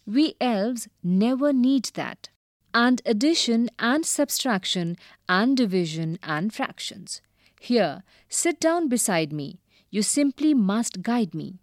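A woman voicing a tiny, loud, bossy male elf in a storybook, with a squeaky, shrieking voice. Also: expressive, slow pace, no room sound, clean studio sound. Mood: fussy. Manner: demanding and shouty.

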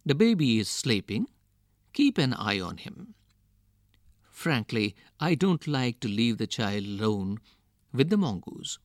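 A man voicing a young village mother in a read-aloud folk tale, his voice lifted high and strained with worry. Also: very animated, slow pace, no room sound, studio quality. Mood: worried.

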